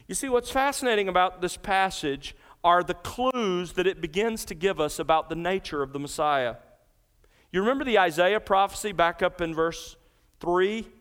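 A man's voice: fairly high pitch, a bit bright, clear, resonant tone. A man preaching an expository sermon as pastor, earnest and emphatic, asking the congregation rhetorical questions. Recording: large hall with long reverb.

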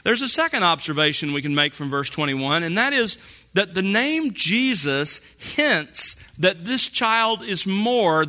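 A man preaching a sermon, slow and deliberate, drawing out key phrases for emphasis. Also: high voice, sharp tone. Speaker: pastor.

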